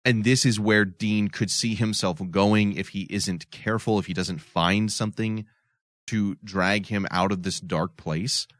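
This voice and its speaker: A man with a low-pitched voice talks through a TV episode as a podcast co-host, loose and conversational. He explains at length and circles back to restart his points. The sound is dry and close, with no room around him. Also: fairly even intonation, a little slow, a bit bright, dry recording. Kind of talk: casual episode discussion.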